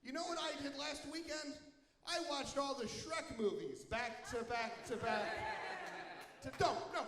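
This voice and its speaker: A young man performing a self-mocking stand-up comedy set, animated, breaking into loud silly voices. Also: very high voice, unhurried. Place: comedy venue with live audience. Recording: echoey live hall with crowd.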